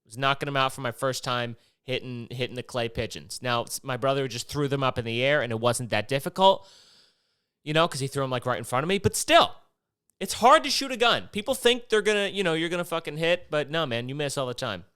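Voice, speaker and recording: A man's voice: medium pitch, fast, fairly bright tone, clear, resonant tone, no room sound, clean studio sound. Rambling, profane podcast host man. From Maryland. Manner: rambling, profane, jumps between topics. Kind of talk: casual solo podcast monologue.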